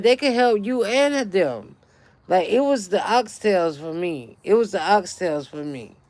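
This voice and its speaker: This middle-aged channel host, voice medium in pitch and darkish in tone, launches into a heated, swear-filled story during casual livestream chat. It's a profane storytelling rant, recorded with no room sound.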